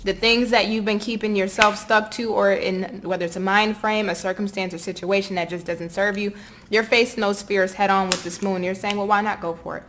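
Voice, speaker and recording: A woman's voice: medium pitch, fairly even intonation, normal speed, background noise. A woman with a Southern US accent giving a casual, encouraging tarot reading straight to her viewers. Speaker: tarot reader.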